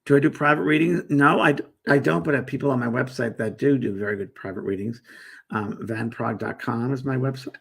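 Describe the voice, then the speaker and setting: Middle-aged man, gravelly, husky, rambling live-stream host, reads viewer comments aloud and answers them. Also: medium pitch, fairly quick, fairly bright tone. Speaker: host and medium.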